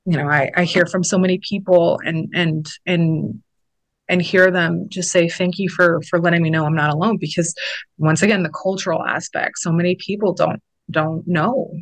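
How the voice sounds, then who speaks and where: A woman's voice: on the low side, steady tone, moderate pace, no echo, low-quality recording. A bereaved mother speaking earnestly in an interview, often repeating and restarting her words. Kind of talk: conversational interview.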